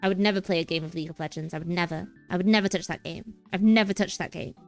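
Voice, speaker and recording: A woman's voice: on the low side, fast talker, faint music behind. A young woman streamer chatting casually and playfully, rambling and giggling between thoughts. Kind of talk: casual livestream chat.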